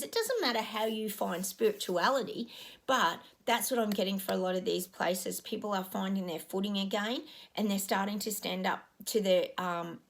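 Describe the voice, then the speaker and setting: A middle-aged woman talking casually to her viewers, rambling and earnest with lots of ums. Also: medium pitch. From Australia. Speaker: psychic giving predictions.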